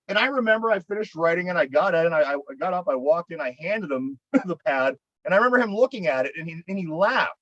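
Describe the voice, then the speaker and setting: Pittsburgh guy with a high voice rambling through a story, swears a lot, dry muffled sound. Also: expressive, quick pace, few pauses, fairly bright tone, no echo. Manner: rambling, profane, repeats words when worked up. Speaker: podcast co-host. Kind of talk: casual storytelling chat.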